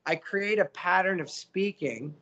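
A man, a voice actor guest, telling stories in a casual interview, lively and coaching with acted-out quotes. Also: high-pitched, a little slow, muffled recording. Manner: animated, acts out quotes, coaching.

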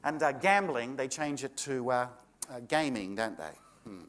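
A man's voice: medium pitch, expressive, moderate pace, a bit bright, slight background noise. An Australian man giving a live seminar to an audience, combative and sarcastic, firing off rhetorical questions. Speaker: seminar presenter.

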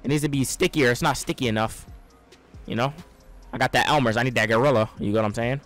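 Talking fast over faint background music, a young man narrates his own gameplay live as a gaming streamer. His commentary is excitable and full of trash talk, lurching from loud outbursts down to low mutters.

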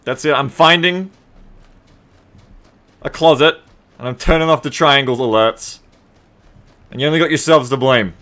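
An Australian man live-streaming a game, bantering with his viewers in a profane, sarcastic and animated way. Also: mid-range voice, normal speed, long pauses.

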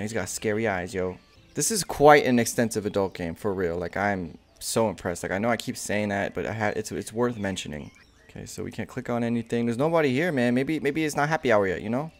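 A man casually commentating his own game playthrough, excited, slangy, and swearing freely. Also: medium pitch, fairly quick. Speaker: gamer. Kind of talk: casual let's play commentary.

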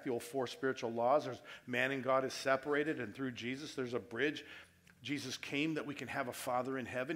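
A man preaching a sermon to his church, moving between quiet appeals and loud emphatic stretches and asking his listeners direct questions. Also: medium pitch. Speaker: pastor. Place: church service before a congregation.

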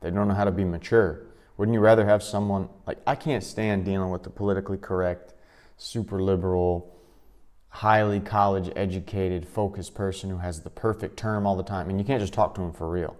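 A man's voice: sits low, fairly even intonation, a little fast, a little mellow. A man giving blunt, scornful reaction commentary on a clip. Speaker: commentary vlogger.

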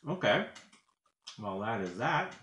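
A man's voice: lowish voice, big pitch swings, slow pace, a bit bright, echoey room, a little hiss or hum. A man doing a casual food review vlog at home, rambling and hesitant, with lots of fillers, talking while he eats. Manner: talks while eating. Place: home kitchen.

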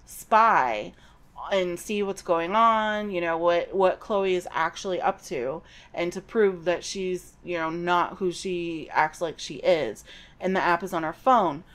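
A woman's voice: lowish voice, measured pace, fairly bright tone. A middle-aged woman hosting a podcast, giving a chatty, digressive recap of a novel with personal asides. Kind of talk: casual book recap.

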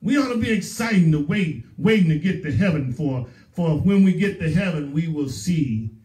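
A man's voice: on the high side, animated, moderate pace, mellow. A male pastor with a Southern US accent, preaching a sermon with emphatic repetition. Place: church sanctuary. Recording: roomy echo, voice from far off.

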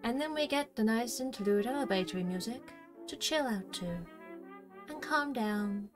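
High-voiced, playful woman streamer. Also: animated, moderate pace. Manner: playful, chatty, talks to herself. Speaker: game streamer. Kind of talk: gameplay commentary. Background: game music.

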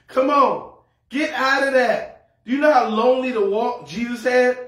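A man's voice: very high voice, measured pace, a bit bright. A man preaching a sermon as pastor, humorous and folksy, repeating words as he goes. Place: church sanctuary. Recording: echoey hall, mic far off.

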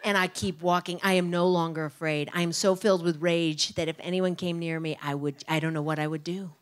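A woman doing stand-up storytelling on stage, animated, jumping into a loud high voice when she acts out what people said. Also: a little fast. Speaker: storyteller comedian.

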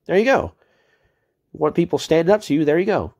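Exasperated, sarcastic man with a mellow voice. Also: a little high, fairly quick. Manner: exasperated, sarcastic, swears a lot. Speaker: commentator reading out a chat exchange. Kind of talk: ranting commentary video.

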